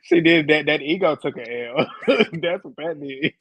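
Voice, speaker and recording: A man's voice: on the high side, lively intonation, measured pace, fairly bright tone, husky, dry recording, rough recording. A man hosting a casual live reality show recap, blunt and laughing often. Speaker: host.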